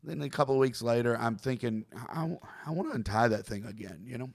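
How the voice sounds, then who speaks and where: A man's voice: medium pitch, fast talker, gravelly. A man in casual conversation, telling a story about himself with self-mocking humor. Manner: self-mocking, laughs through his own stories.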